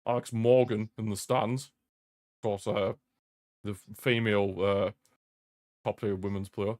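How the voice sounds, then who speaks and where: A young man with a lowish voice talks through a football match for his stream, mixing running commentary with rambling banter. He laughs easily and circles back to repeat his own lines when something amuses him. The sound is close and dry, with no room echo, as from a desk microphone. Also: flat delivery, unhurried, darkish tone. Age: young adult. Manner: chatty, laughs often, repeats himself, jokey rants. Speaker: streamer hosting a football watch-along. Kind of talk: live match commentary and casual chat. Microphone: streaming desk mic.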